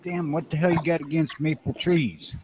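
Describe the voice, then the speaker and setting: A man's voice: on the high side, fairly even intonation, normal speed. An older man in a casual group chat, joking in an easygoing way. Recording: noticeable background noise.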